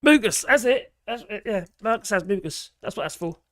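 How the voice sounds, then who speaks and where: Norfolk-accented man, live streamer, high-pitched, dry close sound, blunt rambling talk. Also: animated, fairly quick, fairly bright tone, no echo. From England. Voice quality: slightly strained, mucus-prone throat. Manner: rambling, blunt, chatty with frequent restarts and slang. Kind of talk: casual live-stream commentary.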